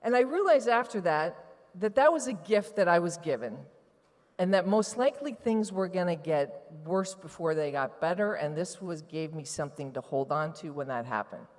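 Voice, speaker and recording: A woman giving a candid, emotional personal testimony to a live audience from a stage. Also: lowish voice. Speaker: retreat participant giving testimony. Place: large event hall on stage. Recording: long hall reverb from a live venue.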